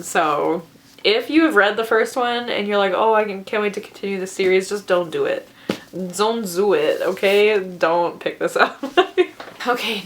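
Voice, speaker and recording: A woman's voice: fairly low pitch, a bit bright. A woman reviewing books in a casual vlog, ranting in an exaggerated way and laughing often. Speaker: book reviewer.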